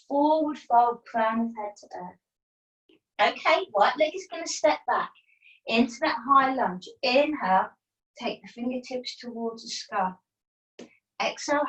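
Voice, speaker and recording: A woman teaching yoga from home over a video call, her voice a little high. She gives calm breath cues and slips in playful asides. She sounds distant from the mic, in a roomy, echoing space. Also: unhurried, dull audio. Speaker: yoga instructor. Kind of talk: guided yoga class cues. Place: at home, partner downstairs.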